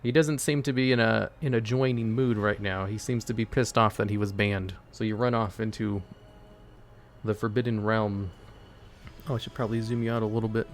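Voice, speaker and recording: A man's voice: fairly low pitch, steady tone, a little fast, faint music behind. Joking man narrating a stream adventure. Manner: joking, offhand, talks to chat. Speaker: game master and streamer. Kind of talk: casual tabletop game narration.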